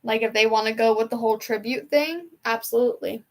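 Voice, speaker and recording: Young woman streamer, rambling and emotional, slightly high voice, casual chat from home. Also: fairly quick. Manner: rambling, emotional, chatty fan talk. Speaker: livestream host.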